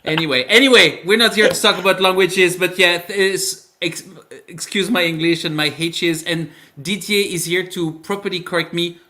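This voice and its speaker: A man in his forties from France with a French accent, co-hosting a casual chat, halting and often laughing as he talks. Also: high-pitched, fairly even intonation, bright, forceful tone. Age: 40s. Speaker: co-host.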